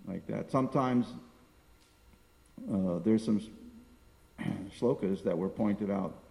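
A man's voice: on the low side, creaky, warm tone, in a large hall, poor audio. An older man giving a sermon on scripture, wandering through his points and reciting verses. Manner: discursive, searching for words, reciting Sanskrit verses. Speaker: spiritual teacher.

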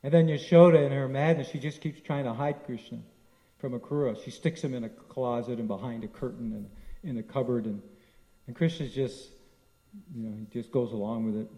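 A man giving a devotional talk, retelling scripture stories in a lively storytelling manner. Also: mid-range voice, brisk, low-quality recording. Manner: storytelling, lively, frequent restarts. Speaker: spiritual teacher.

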